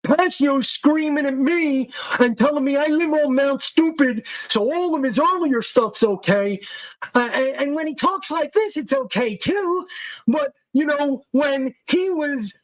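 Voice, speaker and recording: A man's voice: extremely high pitch, measured pace, no room sound, voice pushed up, rough recording. A man voicing a whiny, dismissive male follower in a mocking, sneering tone. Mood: mocking whine.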